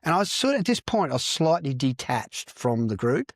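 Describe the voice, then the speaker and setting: A man's voice: mid-range voice, sing-song, fairly quick, no room sound, studio quality. Man telling a sweary story. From Australia. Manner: rambling, swears freely, peppers speech with "mate". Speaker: podcast guest, counsellor. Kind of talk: casual storytelling interview.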